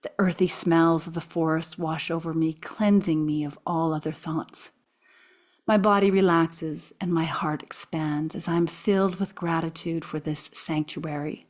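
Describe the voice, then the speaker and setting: A woman reading aloud from her own memoir, expressive, sometimes dropping into soft whispers. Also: low voice, measured pace. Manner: expressive, drops to soft whispers at quiet moments.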